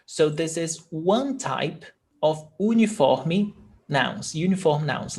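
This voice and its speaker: Man, from Brazil, Portuguese teacher, patient, repeats words, slow-paced. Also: on the high side. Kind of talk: language lesson explaining grammar.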